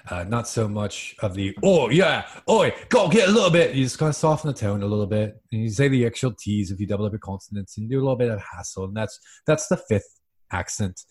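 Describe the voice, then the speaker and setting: A man's voice: on the low side, fast talker, warm tone. A man hosting a comedy podcast, playful and hammy, clowning through mock accents with his friends.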